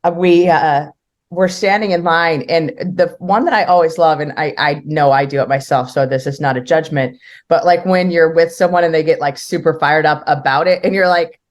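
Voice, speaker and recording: Chatty podcast host woman, low voice. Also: steady tone, moderate pace. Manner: chatty, playful questioning. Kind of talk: casual interview conversation.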